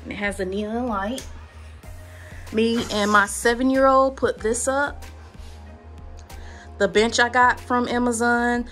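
Touring her spa treatment room on camera, a young woman lists what's inside in a chatty, casual way full of "like" and "um." Her fairly high, fairly bright voice stays steady and slow, with frequent pauses and faint music behind her.

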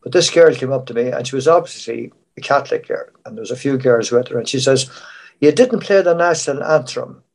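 This fast-talking man barely pauses, his medium-pitched voice gravelly and slightly rough. A former Irish showband musician, now older, he spins rambling tales of life on tour for an online panel.

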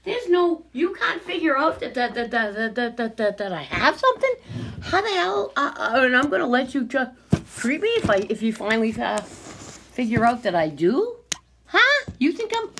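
A woman's voice: high-pitched, noisy background. A woman filming herself and talking to unseen doubters in an agitated, sarcastic way, dropping to whispers and then rising to angry outbursts. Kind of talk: rambling self-recorded monologue.

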